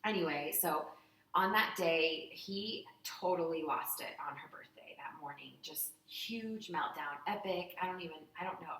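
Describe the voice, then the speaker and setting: A woman in her thirties telling an emotional personal story in a candid, animated way, often acting out what people said. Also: low voice, slight background noise. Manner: candid, heartfelt, animated retelling with acted-out quotes. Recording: echoey room, voice from a distance.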